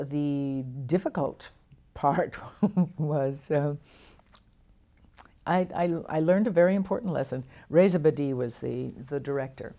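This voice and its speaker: Low mellow-voiced older woman telling stories. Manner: animated anecdotes with frequent laughs and restarts. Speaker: interview guest, actress. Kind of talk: storytelling interview.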